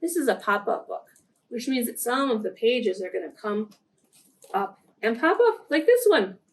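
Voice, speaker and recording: A woman reading picture books aloud for preschool story time, gently pausing to ask the children questions. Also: on the high side, sing-song, a little hiss or hum.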